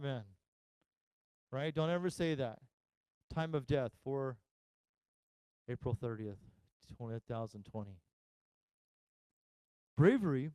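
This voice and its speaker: Man, pastor, jokey sermon, high clear voice, dry sound. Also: warm tone, dry recording. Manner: jokey storyteller acting out quoted voices. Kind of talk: humorous sermon. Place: church service live stream.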